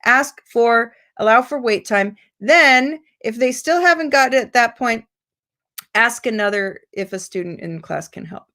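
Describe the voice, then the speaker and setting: American woman, teacher trainer, online lecture, slightly high voice, patient explaining. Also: a little slow. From United States. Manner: patient, explanatory, lively rising pitch on example prompts.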